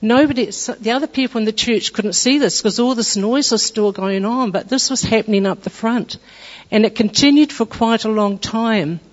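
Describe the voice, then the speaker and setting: A woman gives a testimony in a church, her story earnest and halting, full of restarts. Her voice carries a long hall reverb and comes through muffled and lo-fi. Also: on the high side. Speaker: church member giving testimony.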